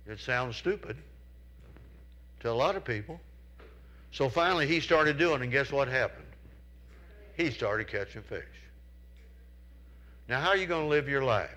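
A man preaches a sermon in a bright, forward voice. He spins homespun stories, keeps checking whether his listeners are following him, and lifts his voice to act out the people in his tales. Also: mid-range voice, normal speed, long pauses, rough recording. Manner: folksy storytelling, asks the congregation questions; acts out characters in raised voices.

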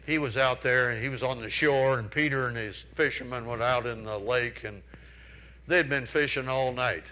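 Bright-voiced male preacher telling folksy stories. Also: mid-range voice, normal speed, rough recording. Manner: folksy storytelling, asks the congregation questions; acts out characters in raised voices. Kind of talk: sermon.

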